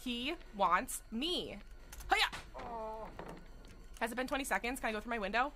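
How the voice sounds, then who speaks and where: A young woman streaming a game, chatting excitedly with viewers and breaking into sing-song outbursts. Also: fairly high pitch, a little fast. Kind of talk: live gameplay commentary. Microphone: studio desk mic.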